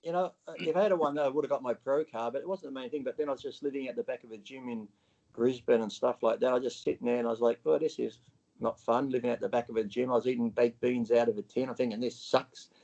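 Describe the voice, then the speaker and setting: A gravelly-voiced Australian man talks as an interview guest. He tells his story bluntly and profanely, slipping into the voices of people from it. The audio is muffled and lo-fi. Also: medium pitch, steady tone, quick pace, darkish tone. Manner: blunt and profane, acts out his own past dialogue.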